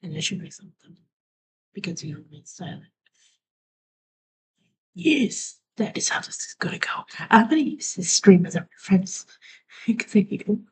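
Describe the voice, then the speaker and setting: A woman live streamer rambling through a story in a soft, half-whispered way, often trailing off. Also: mid-range voice, lively intonation, normal speed, long pauses, low-quality recording.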